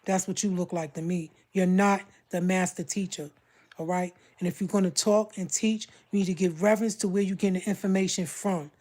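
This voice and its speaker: A woman's voice: fairly low pitch, steady tone, fairly quick, a little mellow. A woman from Brooklyn with a Brooklyn accent, talking bluntly and confrontationally on a casual livestream. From Brooklyn, New York.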